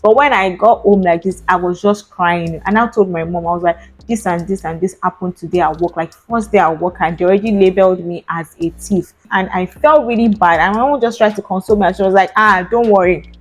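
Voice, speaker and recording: A woman's voice: on the low side, fairly quick. Chatty Nigerian woman telling a story. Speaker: vlogger. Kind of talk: storytime vlog.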